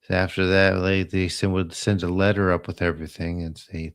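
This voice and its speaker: A man casually retelling old TV episodes in a slow, meandering way, trailing off into asides. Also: low voice, flat delivery. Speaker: host of a live healing stream. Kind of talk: rambling casual storytelling.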